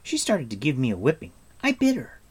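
A man putting on a high, teasing young girl. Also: wildly swooping pitch, slightly rough, exaggerated voice. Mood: chatty. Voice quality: high, bright, scolding. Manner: quick, teasing and impatient. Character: chatty, mischievous young girl with a magic bauble. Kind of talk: audiobook character voice.

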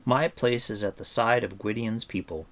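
A man voicing an earnest young male hero in a storybook reading, speaking quietly and with resolve. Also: lowish voice, normal speed, natural voice. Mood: resolute.

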